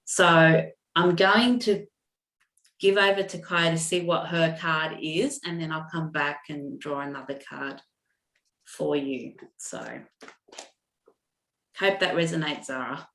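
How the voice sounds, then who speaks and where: Woman, intuitive card reader, gentle and halting, slow pace, echoey room, video call. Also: low voice, fairly even intonation. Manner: gentle, halting, many restarts and fillers. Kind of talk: live online card reading.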